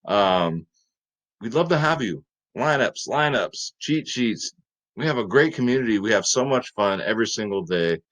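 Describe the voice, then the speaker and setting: A man's voice: fairly low pitch, expressive, normal speed, fairly bright tone, low-quality recording. Hyped chatty man hosting sports picks. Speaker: fantasy sports video host. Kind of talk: casual fantasy sports picks talk.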